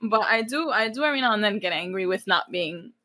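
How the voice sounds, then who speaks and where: A woman's voice: mid-range voice, lively intonation, quick pace, pushed and bright. A woman in her thirties from New Jersey, a guest in an interview, talking bluntly with lots of swearing and acting out things she once said. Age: 30s. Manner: blunt, swears freely, acts out her own past lines. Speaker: guest, event planner. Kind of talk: candid casual interview.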